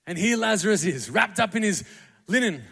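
Pastor preaching in a reverberant hall. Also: male voice, high voice, expressive, moderate pace, creaky, bright, forceful tone, breathy edge. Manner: conversational preaching, acts out quotes. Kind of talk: sermon. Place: church auditorium.

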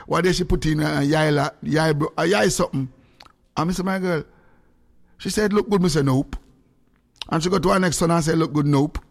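Male radio host, slightly high voice, animated patois storyteller. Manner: animated storytelling with sudden high-pitched outbursts. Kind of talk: casual radio chat.

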